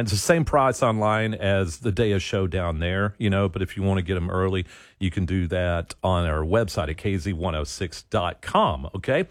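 A man hosts the afternoon slot on a classic-rock station. His voice sits on the lower side, and he talks loosely, dropping fillers as he runs through promos. The studio sound is close and dry, with no room around him. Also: dry recording. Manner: relaxed, chatty, with fillers. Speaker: radio DJ. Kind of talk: casual radio chat with promos. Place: radio studio.

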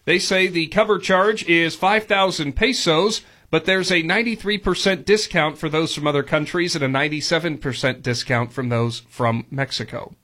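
A man's voice: fairly high pitch, normal speed, few pauses, bright, forceful tone. A man hosting a morning radio show, trading wry jokes with co-hosts while going over news stories. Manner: jokey, wry, chuckles while reading stories. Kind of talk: casual radio banter.

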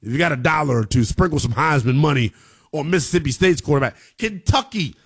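A man hosting a sports talk radio show, emphatic and slangy, with an excitable delivery. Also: on the high side, fairly quick, breathy edge.

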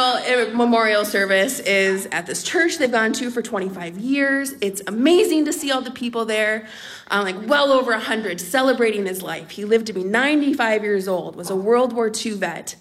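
A young adult woman telling a comic personal story on stage at a live storytelling event, animated and laughing as she talks. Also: a little high. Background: audience laughter.

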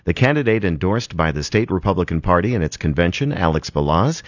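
A man reading the radio news with folksy, expressive banter between items. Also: low voice, brisk, dry recording. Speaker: newsreader. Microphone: studio microphone. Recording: slightly dull, dry radio studio sound.

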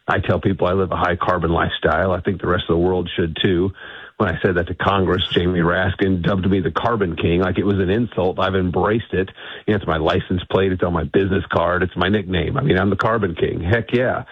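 Guy with a real low husky voice, pushy and emphatic, dry sound, comes through like a phone call. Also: steady tone, brisk, no echo. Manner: emphatic, assertive. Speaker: guest. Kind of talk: interview on a radio show. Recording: tinny phone line.

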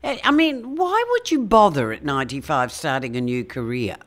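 A woman hosting a radio chat, reacting with lively, incredulous questions and quick laughter. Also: very deep voice. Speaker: radio host.

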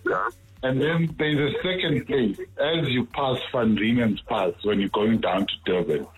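A man's voice: medium pitch, measured pace, poor audio. A man calls in to a radio show and explains where to find a roadside shop. He talks plainly and helpfully. Faint music plays behind him. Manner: helpful, giving directions. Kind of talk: casual chat.

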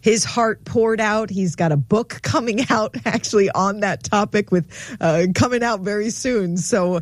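A man's voice: high voice, no echo. A man co-hosting a Christian call-in radio show, reacting with enthusiasm. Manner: enthusiastic, quick to exclaim. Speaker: radio co-host.

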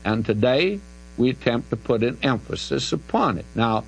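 An older man with a drawl answers a listener's Bible question, his voice rising and falling in lively swings. He talks in an emphatic, folksy way and slows down to lean on key words. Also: medium pitch, breathy edge, poor audio. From American South. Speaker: Bible teacher.

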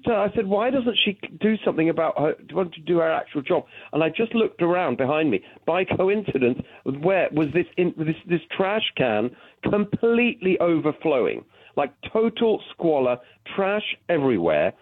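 British man, political guest, phone-in, animated, restarts, tinny phone line. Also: fairly high pitch, breathy edge, no echo. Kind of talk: phone-in radio interview.

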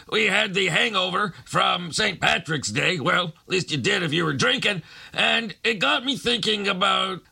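A man's voice: high-pitched, creaky, sharp tone, slightly rough. A man hosting a late-night radio show, delivering a sarcastic, ranting comic monologue.

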